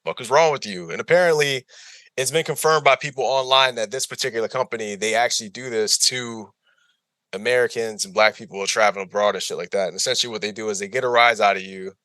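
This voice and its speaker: A man's voice: lowish voice, fairly even intonation, quick pace, pushed and bright, no room sound. A man co-hosting a podcast in casual chat, rambling and repeating himself, laughing often. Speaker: podcast co-host. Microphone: remote recording.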